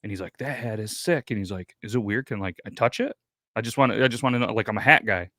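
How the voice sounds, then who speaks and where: A man's voice: fairly low pitch, fast talker, bright, forceful tone, no room sound, clean studio sound. A man in his thirties hosting a podcast, telling rambling, profane stories in casual chat. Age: 30s. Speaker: podcast host.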